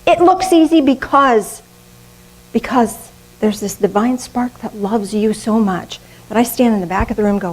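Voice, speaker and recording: Animated older woman preaching. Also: on the high side, normal speed, poor audio. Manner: animated, laughing, conversational preaching. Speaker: minister. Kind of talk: sermon.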